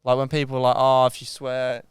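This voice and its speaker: A man's voice: medium pitch, completely flat delivery, brisk, clear, resonant tone, no room sound. A man co-hosting a podcast, telling a story in a sweary, self-mocking way. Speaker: podcast co-host. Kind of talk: casual chat.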